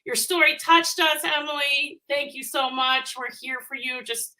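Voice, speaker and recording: A woman with a bright, lively, fairly high voice speaks over a video call. She is upbeat and reassuring as she talks with a dog owner, and she often repeats her phrases. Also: a little slow, low-quality recording. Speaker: charity foundation representative. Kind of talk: warm video call conversation.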